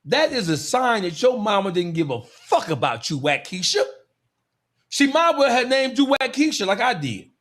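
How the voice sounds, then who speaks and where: A podcast host on a heated, profane rant, mocking his target with relish. His voice is high and swings widely in pitch, rising and dropping as he works himself up. The tone is excitable throughout. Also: normal speed.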